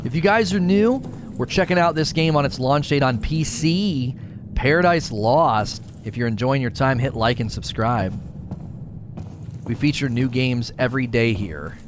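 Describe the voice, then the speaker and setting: A man's voice: mid-range voice, a little slow, noisy background. A man hosting a gaming channel, commenting live as he plays, joking and poking fun at himself. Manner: joking and self-mocking, playful asides to viewers. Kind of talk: live let's play commentary.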